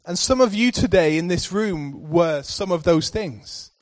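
A man's voice: sits high, expressive, measured pace. A man preaching a sermon in church, telling a personal story before building to emphatic scripture readings.

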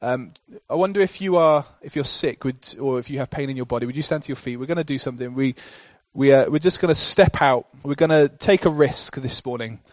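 A male pastor delivering a sermon in a rhythmic, repetitive cadence that builds to forceful declarations. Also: medium pitch, brisk, few pauses, dry recording.

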